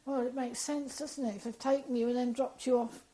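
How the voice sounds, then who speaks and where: Woman guest, somewhat high voice with a mellow warmth, animated storyteller who acts out quoted dialogue. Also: brisk, rough recording. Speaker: interview guest. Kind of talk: conversational storytelling interview.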